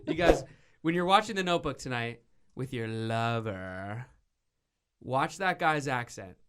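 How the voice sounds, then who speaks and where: A man hosting a radio talk show, bantering casually and rambling in an animated, teasing way. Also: medium pitch, unhurried, clean tone.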